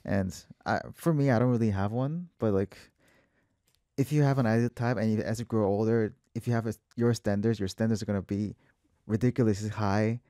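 A man's voice: on the low side, steady tone, brisk, mellow, no echo, clean studio sound. A jet-lagged man in casual podcast chat, laughing often and rambling loosely.

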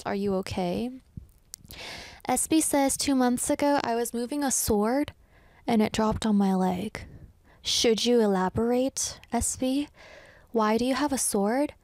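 A woman's voice: on the high side, no room sound. A young adult woman hosting a radio show, chatting casually and teasing as she reads listener messages. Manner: playful teasing, animated, quick asides. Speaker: radio host.

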